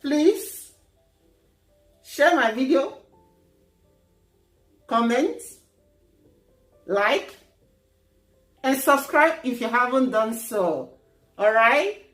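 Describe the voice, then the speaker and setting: A woman's voice: high voice, lively intonation, very slow, long pauses, a bit bright, roomy sound, faint music behind. A Nigerian woman vlogging in a playful, teasing and preachy tone, joking as she lectures her viewers. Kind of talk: casual humorous vlog.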